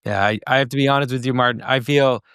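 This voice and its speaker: A middle-aged man hosts the conversation with earnest, reflective sincerity. His voice is smooth and resonant at a medium pitch. It is recorded close and dry with no room sound. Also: fairly even intonation, fast talker, fairly bright tone, no room sound. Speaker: podcast host. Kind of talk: conversational interview.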